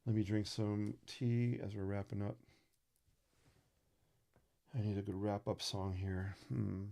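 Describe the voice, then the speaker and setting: A man hosting a live sketching lesson speaks slowly and flatly in a fairly low, gravelly voice with a warm tone. He rambles casually while drawing, throwing in joking asides.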